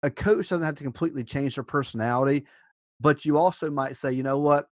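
A man's voice: fairly high pitch, brisk, no room sound, clean studio sound. A man hosting a podcast, encouraging his guest and steering the talk to the next topic. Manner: affirming, guides the conversation to the next topic. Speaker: podcast host. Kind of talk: podcast conversation.

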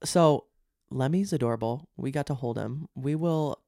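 A young man hosting a casual podcast chat, playful and jokey with quick asides. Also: medium pitch, gravelly, warm tone, a little hiss or hum. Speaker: podcast host.

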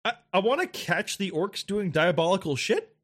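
Excitable high-voiced man ranting and laughing. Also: moderate pace. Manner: swears a lot, laughs often, animated rants. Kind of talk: casual gaming chat.

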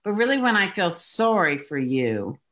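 A woman's voice: fairly low pitch, sing-song, normal speed, fairly bright tone. A woman executive coach being interviewed, explaining her points emphatically and acting out little examples. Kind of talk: conversational interview.

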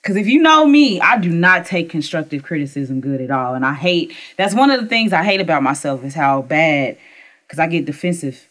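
Playful, profane young woman, lowish voice. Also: animated, fairly quick, a bit bright. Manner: playful, profane, laughs often, acts out quotes. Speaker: podcast co-host. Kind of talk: casual chat.

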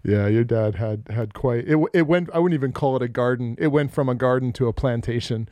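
A man's voice: mid-range voice, brisk, no echo, studio quality. A middle-aged man co-hosting a podcast, telling stories in casual chat, cursing freely and acting out the quotes. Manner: profane, animated storyteller acting out quotes. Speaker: podcast co-host.

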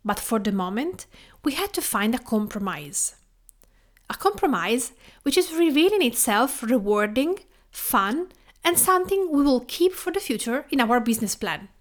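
A woman from Tuscany with an Italian accent, reading a scripted podcast introduction in a measured, list-like way. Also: a little high, big pitch swings. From Tuscany, Italy. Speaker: podcast host.

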